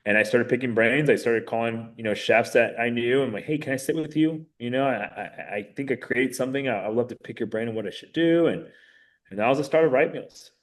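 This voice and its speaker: Animated man telling his story. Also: medium pitch, brisk. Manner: animated, many fillers, voices quotes. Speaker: podcast guest, mayoral candidate. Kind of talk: casual storytelling interview.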